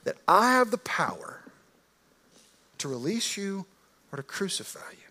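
A man's voice: high-pitched, very animated, a little slow, voice pushed up, exaggerated voice. A man playing a proud, impatient Roman governor in a sermon, talking in casual modern phrasing and raising his voice in frustration. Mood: exasperated. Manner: pleading then shouting, casual modern phrasing.

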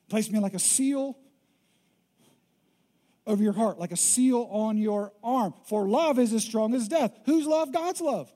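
A man in his thirties preaching a sermon as pastor, emphatic and swinging from loud declarations to hushed, intimate lines. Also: high-pitched, measured pace.

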